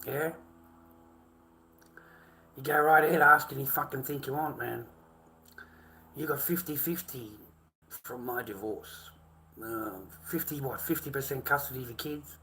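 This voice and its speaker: A man's voice: mid-range voice, unhurried, long pauses, sharp tone, slight background noise. A middle-aged Australian man ranting to his livestream chat, swearing constantly and calling viewers mate and boys.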